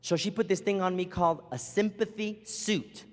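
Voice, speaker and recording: A man's voice: high voice, normal speed. A man doing a stand-up comedy set on a theater stage, telling stories animatedly and acting out his wife's lines. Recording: live hall reverb, faint ambience.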